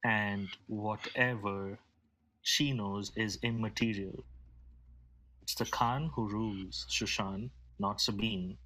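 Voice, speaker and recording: A man's voice: on the low side, steady tone, slow pace, pushed and bright. A man playing a loyal desert warrior envoy in a tabletop game, speaking formally and solemnly.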